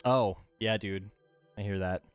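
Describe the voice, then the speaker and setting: A man's voice: on the low side, steady tone, a little slow, smooth, soft background music. A man streaming a video game from home, chatting casually in a playful, rambling way. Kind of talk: casual gameplay stream chat. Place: home room.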